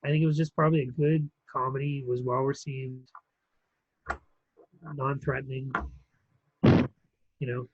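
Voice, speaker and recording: A man's voice: mid-range voice, level tone, a little slow, long pauses, lo-fi sound, a little hiss or hum. A man co-hosting a film review podcast, talking casually with many ums and restarts. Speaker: podcast co-host reviewing films. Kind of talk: casual chat.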